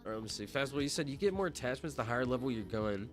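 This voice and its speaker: A young man chatting casually on a livestream while gaming, relaxed and rambling, full of slang. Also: medium pitch, very fast, soft background music. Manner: relaxed, rambling, slangy, says "bro" often.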